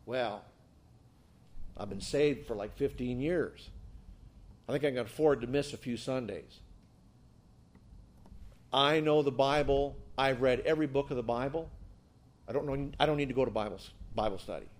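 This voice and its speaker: A man's voice: mid-range voice, normal speed, long pauses, lightly acted. A man preacher voicing a smug, self-satisfied male churchgoer who brushes things off and boasts. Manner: dismissive, boastful.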